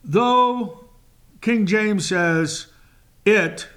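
A man hosting a Bible teaching show, speaking in a measured, emphatic way with long pauses and fillers. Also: high voice, a bit bright. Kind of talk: slow, deliberate Bible teaching.

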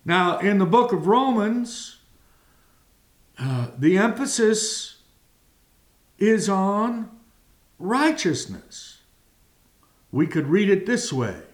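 A man preaching a sermon, reading and explaining scripture slowly and deliberately, drawing out key words. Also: sits high, big pitch swings.

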